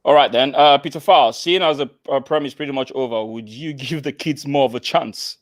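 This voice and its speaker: A man with a Nigerian accent co-hosting a football chat show, animated and teasing, repeating himself as he jokes. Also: medium pitch, fairly quick, dry recording.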